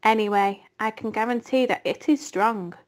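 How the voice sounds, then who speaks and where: A woman voicing a wise, weary female spider who speaks in a soft, measured way. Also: fairly high pitch, close to an everyday voice. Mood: gentle.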